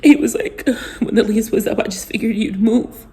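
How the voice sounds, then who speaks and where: Tired teary woman vlogging, mellow low-key voice, halting, sometimes whispering. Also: fairly even intonation. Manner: tearful, halting, voice drops to near whispers. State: emotionally exhausted, close to crying. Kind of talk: emotional personal vlog.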